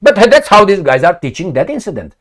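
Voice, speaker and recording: Animated, sarcastic male commentator. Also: high voice, a little fast. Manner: animated, sarcastic, profane, mocking put-on quotes. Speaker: political commentator. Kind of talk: opinionated solo monologue.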